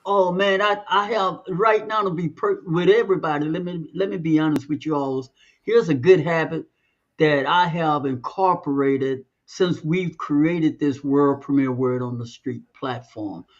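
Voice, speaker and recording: In a fairly high voice at a measured pace, a man co-hosts a podcast, chatting casually and drawing out key words for emphasis; the audio is dull.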